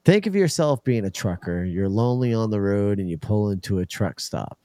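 Lively man hosting. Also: lowish voice, normal speed, dry recording. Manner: animated, laughing storyteller. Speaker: host. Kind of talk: casual banter on a group call.

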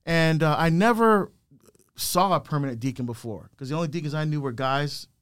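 Fairly high in pitch, a little fast, with a clear, resonant tone, this middle-aged man shares his life story as a guest speaker. The deacon is animated, performing the voices of those he quotes.

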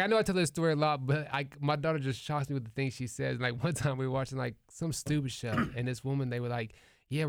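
Comedian host, rapid animated delivery, dry close mic. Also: male voice, mid-range voice, no echo. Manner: animated, acts out family members' voices. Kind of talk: casual storytelling chat.

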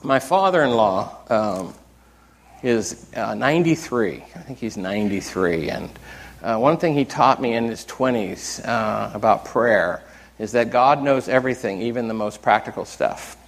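An older man preaching in a conversational, unhurried way, full of asides and small stories. His voice sits at an ordinary middle pitch for a man. He sounds like a pastor talking to his congregation. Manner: conversational, animated storytelling with acted quotes. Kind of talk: sermon.

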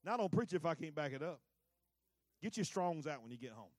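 A male pastor preaching a fervent sermon in a folksy way, swinging between shouted peaks and hushed asides. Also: a little high, very animated, fairly quick, no echo, clean studio sound. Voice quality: colloquial, folksy.

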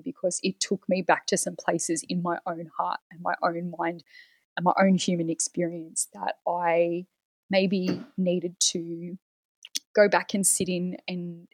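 A woman's voice: fairly low pitch, breathy edge, dry recording, low-quality recording. A woman guest in a casual podcast chat, teary and talking in a heartfelt, rambling way.

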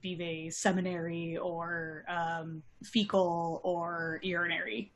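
A woman's voice: fairly low pitch, flat delivery, takes it slowly, a little hiss or hum. A woman playing a tabletop game, playful, explaining facts in a mock lecture. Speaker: player. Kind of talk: casual tabletop play.

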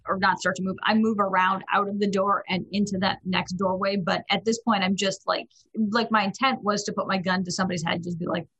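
A woman's voice: mid-range voice, little pitch movement, fairly quick, fairly bright tone, breathy edge, low-quality recording. A woman playing a tabletop game, thinking aloud about her move with hedging restarts. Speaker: player. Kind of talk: casual tabletop play.

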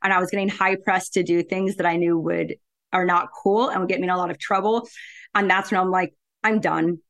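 A woman's voice: on the low side, flat delivery, fairly quick, fairly bright tone. A middle-aged woman talking bluntly and assertively in a casual interview, laughing often. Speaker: podcast guest, real estate investor.

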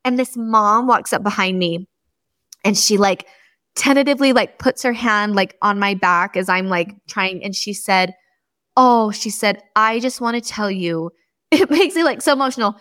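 A woman hosting a podcast, chatting casually and telling animated stories, acting out the quotes of the people in them. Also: medium pitch, moderate pace, no echo, clean studio sound. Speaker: podcast host. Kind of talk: casual chat.

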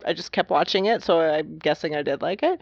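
A woman's voice: sits low, brisk, gravelly, a little mellow, breathy edge, no room sound. A young woman co-hosting a podcast, chatting in a friendly way and laughing easily. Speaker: podcast co-host. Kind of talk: casual chat. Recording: dry, dull lo-fi sound.

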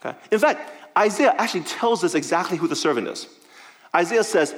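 Animated man preaching conversationally. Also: sits high, brisk. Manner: animated, conversational, checking in with the listeners. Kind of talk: sermon.

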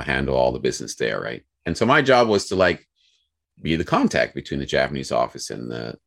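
A young American man telling a work story in a casual, animated way, acting out the people he quotes. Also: extremely low pitch, gravelly. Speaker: guest.

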